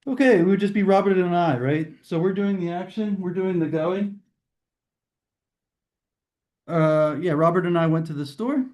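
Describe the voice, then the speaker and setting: Guy tutor walking thru grammar, laid back, warm mellow tone, lots of ums. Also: sits high, normal speed, long pauses. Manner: explanatory, casual with fillers and restarts. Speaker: test prep tutor. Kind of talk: recorded grammar lesson.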